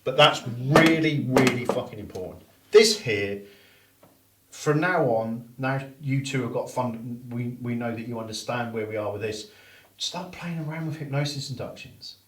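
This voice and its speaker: A man training students in hypnosis, talking bluntly with plenty of swearing and dropping into slow hypnotic suggestions to demonstrate. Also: medium pitch. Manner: blunt and heavily profane. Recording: roomy room, distant mic, faint noise.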